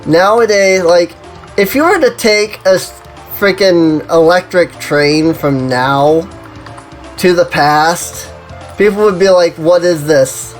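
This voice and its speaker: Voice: mid-range voice, takes it slowly, soft background music. A streamer chatting casually while playing an online game, rambling and saying "you know" and "like" constantly.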